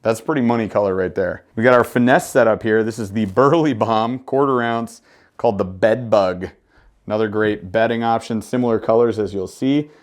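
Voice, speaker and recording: Excited fishing vlogger, low-voiced man. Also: normal speed. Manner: enthusiastic, slangy, joking. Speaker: fishing channel host. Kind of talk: casual gear review.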